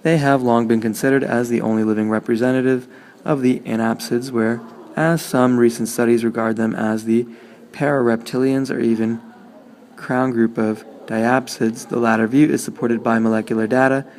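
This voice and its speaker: A man doing an impression of a male politician, rattling through exhibit text in a hurried monotone. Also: medium pitch, lightly acted.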